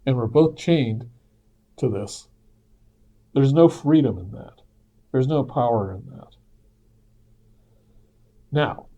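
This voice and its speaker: A man speaks in an earnest, easygoing monologue, his voice dark and mellow. He talks at a middling pitch and a plain, conversational pace, like someone thinking out loud. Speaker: speaker sharing personal reflections. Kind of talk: casual reflective monologue.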